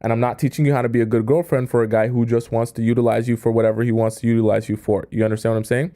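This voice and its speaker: A man's voice: mid-range voice, little pitch movement, racing, warm tone. A man hosting a livestream on relationship advice, talking conversationally, often asking "right?" and reading chat comments aloud.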